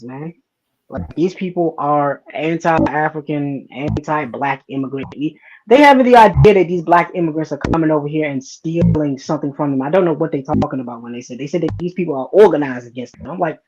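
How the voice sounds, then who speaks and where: A man hosting a livestream speaks conversationally in a slightly high voice. The audio is dull and lo-fi, with a faint hiss behind him. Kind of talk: casual discussion on a livestream.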